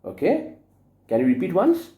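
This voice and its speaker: Man teaching grammar to young children, lively. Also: sits high, normal speed, echoey room. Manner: patient, repeats words and spells them out letter by letter; addresses the children fondly and asks them to repeat after him.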